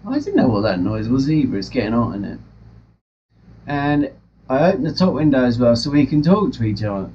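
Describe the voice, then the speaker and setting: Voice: mid-range voice, very animated, brisk. Giggly pet vlogger. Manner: chatty, rambling, frequent giggling. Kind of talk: casual chat to camera and parrot. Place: home room in front of a ring light. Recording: slightly dull with faint noise.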